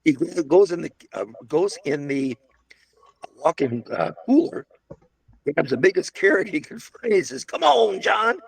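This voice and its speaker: An older man recalling his restaurant days tells his story casually and unhurriedly, though it rambles with restarts and asides. His voice is a little high, expressive, darkish and slightly rough, with vocal fry.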